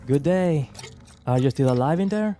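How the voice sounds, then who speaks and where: A man voicing a verbose, sarcastic young man in a game, lively in pitch. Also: moderate pace, faint music behind, close to an everyday voice. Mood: sardonic. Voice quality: articulate, dry and sarcastic. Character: young man, a verbose, sardonic older brother.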